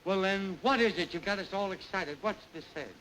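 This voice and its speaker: On a hissy 1929 film soundtrack, a master of ceremonies hosts a revue, rambling through a comic sketch in a playful, mock-pompous way. His voice is high-pitched, a bit bright and slightly fast, and the recording is rough.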